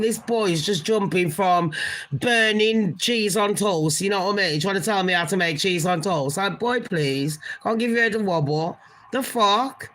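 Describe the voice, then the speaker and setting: A woman's voice: medium pitch, fairly bright tone. A woman hosting a casual celebrity gossip livestream, blunt and chatty, swearing freely and talking straight to her viewers.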